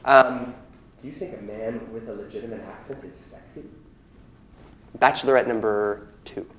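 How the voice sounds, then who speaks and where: A man's voice: medium pitch, fairly even intonation, moderate pace, fairly bright tone. A young man playing the bachelor on a comedic dating game show, rambling and stammering as he asks questions. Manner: rambling, flustered, stammering restarts. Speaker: bachelor contestant.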